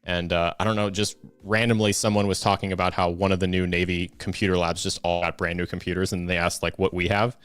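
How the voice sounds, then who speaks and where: Deep-voiced man telling a rambling story. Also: level tone, quick pace, hardly any pauses, a bit bright, clean tone, no room sound. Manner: rambling storyteller, many fillers and restarts. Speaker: co-host. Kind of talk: casual live-stream chat.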